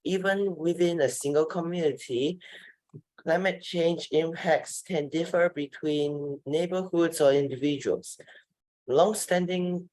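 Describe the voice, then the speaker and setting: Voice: medium pitch, measured pace, a little mellow, no room sound, low-quality recording. A student reading a passage aloud to the class, carefully and steadily.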